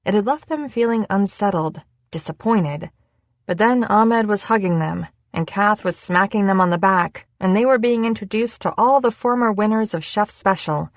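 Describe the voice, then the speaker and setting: A woman reading an audiobook in a measured, unhurried scripted narration. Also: mid-range voice, dry recording.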